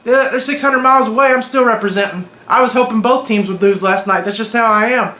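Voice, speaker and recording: A man's voice: very high-pitched, brisk, pushed and bright, reverberant. A young man giving opinionated, joking reactions in a casual, slangy vlog. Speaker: vlogger.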